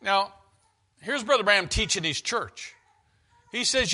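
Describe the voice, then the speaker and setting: A man delivers an evening sermon in a conversational, earnest way, often stumbling and restarting his phrases. His voice sits a little high and sounds bright and forceful. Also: animated, unhurried, pauses often. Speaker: preacher.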